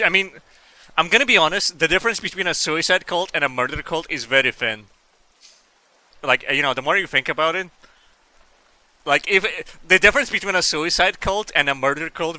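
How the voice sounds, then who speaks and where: A man's voice: fairly high pitch, brisk, sharp tone, no echo. A man streaming a video game, rambling and joking with frequent laughter and swearing. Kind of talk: casual gaming stream commentary.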